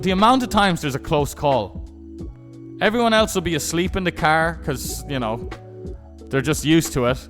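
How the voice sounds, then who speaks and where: A young man live-streaming who rambles through stories and keeps restarting and swearing along the way. His voice sits high for a man. Faint music plays under him. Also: expressive, moderate pace, fairly bright tone. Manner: rambling, profane storytelling with many restarts. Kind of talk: casual chat.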